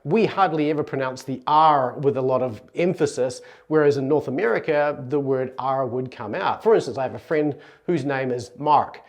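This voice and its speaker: A man's voice: medium pitch, normal speed, hardly any pauses. Earnest New Zealand man teaching Greek. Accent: New Zealand English. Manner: earnest, conversational, restarts and self-corrections. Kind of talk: explanatory video lesson.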